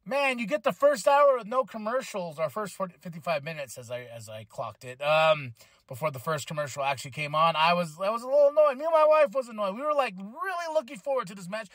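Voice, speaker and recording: A man hosting a casual solo review podcast, rambling and excitable, with frequent restarts and free swearing. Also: high-pitched, quick pace, dry recording. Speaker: podcast host.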